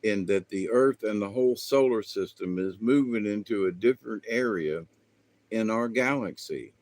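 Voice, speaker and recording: A man's voice: fairly low pitch, normal speed, darkish tone. A man hosting his own spiritual channel, talking in a meandering, folksy way with lots of fillers. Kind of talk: rambling spiritual monologue.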